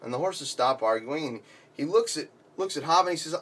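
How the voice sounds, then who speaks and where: A man telling a long shaggy-dog joke with animated storytelling. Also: on the high side, brisk, husky. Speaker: joke teller.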